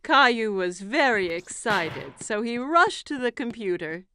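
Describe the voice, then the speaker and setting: A woman narrating a preschool cartoon story in a clear, expressive storytelling manner. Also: on the high side, a little slow, soft background music.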